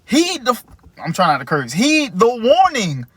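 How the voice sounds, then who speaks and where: A man's voice: very high-pitched, huge pitch swings, moderate pace, a bit bright, slightly rough, no echo. A man in casual chat, opinionated and lecturing as he retells scenes at length.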